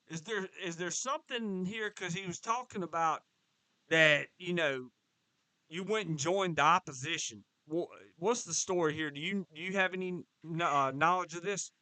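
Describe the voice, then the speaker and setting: An excitable man hosts a wrestling preview show, cutting in with quick questions. His voice sits high and jumps around a lot, with a bright edge and a dry, close sound. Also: no echo, rough recording. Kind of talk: casual podcast chat.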